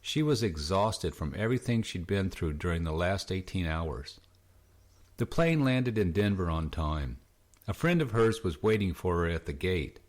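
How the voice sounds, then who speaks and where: A man narrating an audiobook in a calm, steady reading voice. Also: low voice, moderate pace. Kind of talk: scripted narration.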